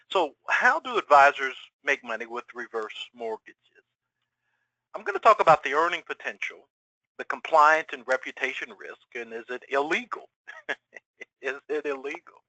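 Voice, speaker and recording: A middle-aged man presents a webinar in a bright, forceful voice that sits a little high. He keeps asking his listeners rhetorical questions, and the sound is dry and close. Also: no room sound, rough recording. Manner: energetic, rhetorical questions, acts out quoted clients. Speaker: webinar presenter for financial advisors.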